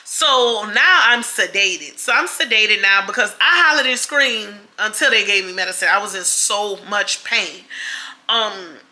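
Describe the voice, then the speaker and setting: A woman's voice: mid-range voice, a little slow. A young woman vlogger, casually telling her viewers a story, acting out what others said and calling them y'all. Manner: animated, acts out quoted voices, addresses viewers as y'all.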